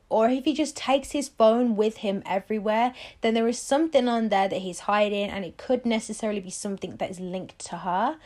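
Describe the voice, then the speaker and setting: A woman's voice: medium pitch, darkish tone. A young woman hosting a solo advice podcast, talking in a chatty, emphatic way and firing off rhetorical questions. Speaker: podcast host.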